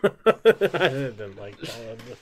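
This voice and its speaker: A man's voice: medium pitch, measured pace, fairly bright tone. A laid-back man in casual chat who laughs often and swears. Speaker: co-host ranking bands.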